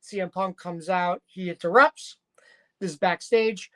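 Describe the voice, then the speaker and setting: A woman's voice: fairly low pitch, unhurried. A woman casually recapping a wrestling show, chatty and rambling with frequent fillers and restarts.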